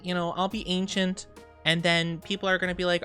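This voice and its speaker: A woman's voice: on the low side, expressive, moderate pace, a bit bright, soft background music. A woman in her twenties chatting casually on stream, rambling and giggling often, and playing around with silly voices. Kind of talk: casual chat.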